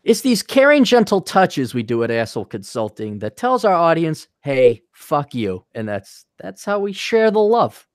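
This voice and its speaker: A man's voice: fairly high pitch, normal speed, few pauses, dry recording, studio quality. A man hosting a podcast, telling crude jokes and stories over a video call. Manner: crude, joking, animated storytelling with voiced quotes. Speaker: podcast host. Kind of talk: casual chat.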